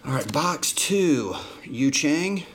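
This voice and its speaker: A man's voice: a little high, big pitch swings, slow pace, a bit bright, a little hiss or hum. A man hosting a live card break in a casual way, calling out player names as he opens packs. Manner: rattles off player names while opening packs.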